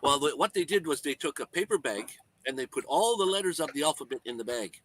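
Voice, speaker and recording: A Canadian man with a bright, slightly raised voice, joking around in relaxed chat. He tells corny jokes and laughs along with them. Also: a little high, fast talker, a little hiss or hum. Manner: jokey, tells corny jokes, laughs at his own lines. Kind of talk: casual chat.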